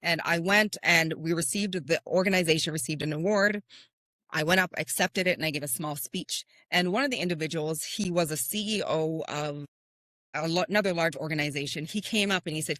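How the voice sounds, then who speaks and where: Low-voiced woman, dry close sound. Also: normal speed, no room sound. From Canada. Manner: earnest, lively storytelling with rhetorical questions. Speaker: podcast host and confidence coach. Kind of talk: motivational podcast talk.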